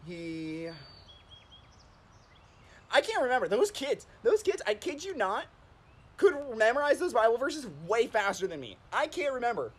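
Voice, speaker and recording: A man's voice: very high-pitched, very animated, a little fast. A man chatting on a stream, telling stories in a rambling way, with lots of "like" and laughing at himself. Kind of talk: casual storytelling chat.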